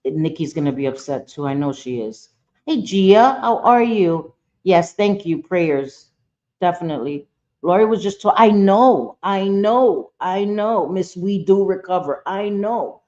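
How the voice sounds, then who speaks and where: A fairly low, mellow female voice, expressive and a little slow, carries this live-stream commentary aimed directly at viewers and chat. She's heated and blunt, swearing often, over dull lo-fi audio.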